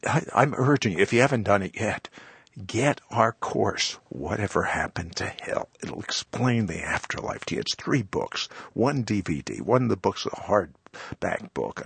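An older man hosting a radio interview and reading out offers and contact details briskly. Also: creaky, fairly bright tone, slightly rough, no room sound. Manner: brisk, pitch-reading announcer. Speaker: host.

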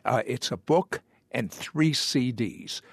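Gravelly man hosting an interview. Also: mid-range voice, animated, slow, dry recording. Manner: probing, conversational questioning. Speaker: interview host. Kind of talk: broadcast interview questions.

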